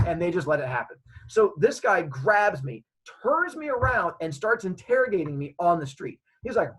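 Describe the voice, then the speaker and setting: Male storyteller, comedic and animated, slightly high husky voice. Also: a little fast, low-quality recording. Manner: animated, acting out scenes.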